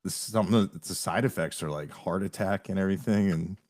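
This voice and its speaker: A man with a fairly low voice tells stories on a casual podcast. He acts out what other people said and laughs as he goes. His delivery is animated and chatty. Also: a little fast. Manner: animated storyteller, quotes people in acted voices, laughs often. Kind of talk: casual chat.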